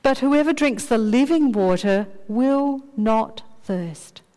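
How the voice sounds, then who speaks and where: A woman preaching a sermon in a measured way, slowing down to dwell on key phrases. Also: a little high, expressive, warm tone. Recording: long reverb of a large hall.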